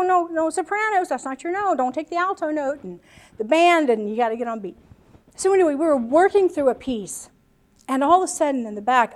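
A woman's voice: fairly high pitch, a little mellow. An American woman preaching a sermon to a congregation, earnest and emotional, with chatty asides. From United States.

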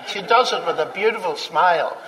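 A man with a high voice tells a personal story to an audience. He acts out the dialogue with animated delivery and the odd chuckle. His voice rings out in a large hall with a long reverb tail. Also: a little fast, a little hiss or hum. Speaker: speaker telling a personal story.

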